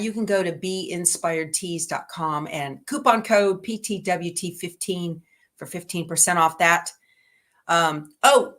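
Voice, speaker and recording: A middle-aged woman, chatting casually as host of a livestream and talking to viewers in a homey, rambling way. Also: a bit bright. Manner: chatty and homey, talks to her dogs in a high baby voice.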